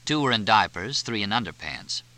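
A man narrating an audiobook in a measured, expressive way. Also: lowish voice. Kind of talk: scripted narration.

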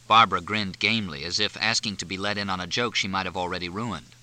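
A man narrating an audiobook in a measured, expressive way. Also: deep voice. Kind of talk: scripted narration.

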